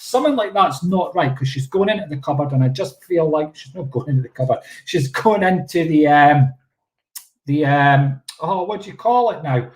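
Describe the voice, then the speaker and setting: A man's voice: on the high side, animated, moderate pace, a little mellow, roomy sound. A man working as a psychic medium, giving chatty, playful live-stream readings and often checking in with "okay?".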